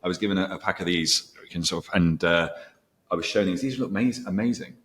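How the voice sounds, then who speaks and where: A middle-aged male teacher chats as interviewer at a conference. His voice is very low and quick as he tells animated stories. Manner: animated storytelling with quoted dialogue.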